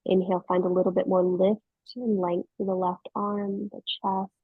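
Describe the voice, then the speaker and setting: A woman yoga teacher guiding a class, giving slow, soothing cues paced to the breath. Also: medium pitch, little pitch movement, slightly rough, no room sound, narrow, tinny audio. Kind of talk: guided yoga class instruction.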